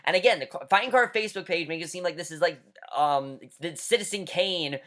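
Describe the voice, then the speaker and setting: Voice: mid-range voice, fast, a bit bright. Exasperated vlogger ranting about a show. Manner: exasperated, mocking, swears often, repeats "honestly". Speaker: vlogger reviewing a TV episode. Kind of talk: casual rant.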